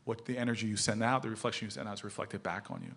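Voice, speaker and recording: A man telling a story to an audience at a panel event, acting out shouted lines. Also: fairly low pitch, racing, creaky. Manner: animated, acts out shouting quotes. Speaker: panel speaker. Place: lecture hall with audience.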